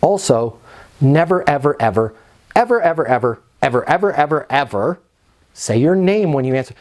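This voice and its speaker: A middle-aged man giving an energetic, emphatic sales training talk, sometimes acting out both sides of phone calls. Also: fairly high pitch, normal speed. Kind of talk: instructional talk with role-played phone calls.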